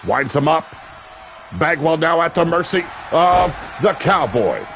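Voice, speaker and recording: A man calling a wrestling match play-by-play, brash and crude, with sudden shouted bursts of excitement. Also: fairly high pitch, a little slow, a little hiss or hum. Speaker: wrestling commentator. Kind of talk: play-by-play commentary. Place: seated at a ringside commentary table.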